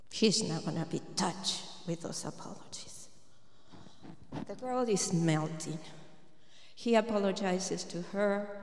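A woman's voice: fairly low pitch, creaky. A woman preaching at a prayer gathering. She tells a personal story in an earnest way and acts out what others said. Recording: echoey hall reverb.

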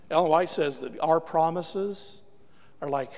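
Gravelly preacher in a reverberant hall. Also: male voice, a little high, steady tone, unhurried. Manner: emphatic, rhetorical questions to the congregation. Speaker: guest preacher. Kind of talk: sermon with altar call. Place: church.

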